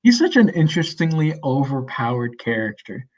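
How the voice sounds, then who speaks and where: A man's voice: medium pitch, very animated, darkish tone. Man with short reactions, lo-fi sound. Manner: short reactions and quick comments. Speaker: podcast co-host. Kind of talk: casual chat.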